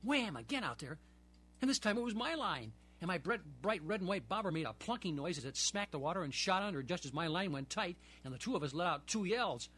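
A man with a husky, somewhat high voice reads a children's adventure story aloud. His pitch swings widely as he acts out the excitement. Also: brisk. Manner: lively, expressive storytelling.

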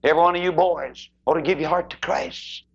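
A man preaching an impassioned sermon, swinging his voice high and low and acting out the people in his stories. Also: fairly even intonation, a little fast, vocal fry, a bit bright, husky, dull audio.

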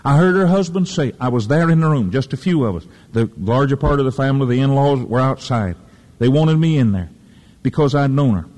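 Fervent preacher in an echoey hall. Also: male voice, mid-range voice, lively intonation, a little fast, darkish tone. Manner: fervent, folksy storytelling preacher. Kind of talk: sermon.

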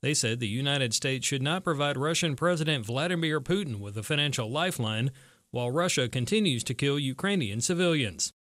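Measured male radio news anchor. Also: medium pitch, no room sound. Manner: steady, measured reading. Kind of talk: radio newscast.

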